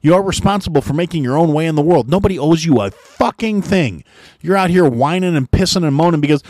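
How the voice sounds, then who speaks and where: A man's voice: a little high, lively intonation, fast talker, a little mellow, no room sound, clean studio sound. A middle-aged man hosting a podcast, delivering an angry, sarcastic, profane rant and mocking others in whiny voices. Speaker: podcast host. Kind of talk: profane ranting monologue.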